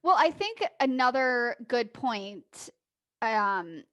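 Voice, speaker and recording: A woman's voice: fairly high pitch, big pitch swings, takes it slowly, a bit bright, no echo. A woman co-hosting a casual health podcast, agreeable and chatty, often backing up her partner. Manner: agreeable, backchannels, laughs often. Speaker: podcast co-host.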